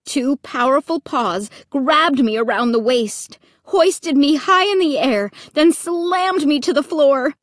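A woman narrating a first-person audiobook in a dramatic, expressive reading that breaks into shrieks. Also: sits high, slow pace, few pauses, no echo, clean studio sound.

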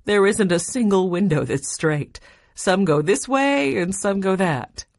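A woman's voice: medium pitch, animated, unhurried, dry recording, studio quality, voice pushed up. A woman voicing a kindly, proud older housekeeper in a storybook reading. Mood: fond.

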